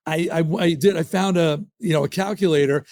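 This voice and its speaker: A man from the New York area, a rock singer, telling stories in an emphatic, animated way as a guest in a casual interview. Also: a little high, brisk.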